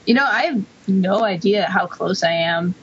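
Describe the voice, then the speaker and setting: A woman joining a casual podcast chat, talking in an unhurried way. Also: medium pitch. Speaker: podcast guest. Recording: dull lo-fi audio with clear hiss.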